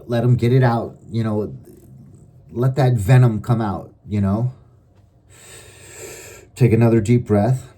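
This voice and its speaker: A middle-aged man giving advice in a calm, measured, deliberate monologue. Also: medium pitch. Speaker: advice vlogger.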